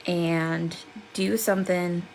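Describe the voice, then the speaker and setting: A woman's voice: lowish voice, level tone, slow pace, vocal fry, a little mellow, slight background noise, low-quality recording. Woman, crafting livestream host, chatty, upbeat, laughs often, talking at a desk. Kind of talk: live crafting demo, chatting with viewers. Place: seated at a home craft desk.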